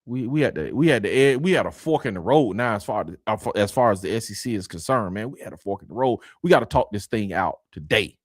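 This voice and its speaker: Man as energetic sports show host, bright and swinging, dry close sound. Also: fairly low pitch, fast, hardly any pauses, no room sound. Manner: animated, greets viewers by name, slangy. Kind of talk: casual sports chat.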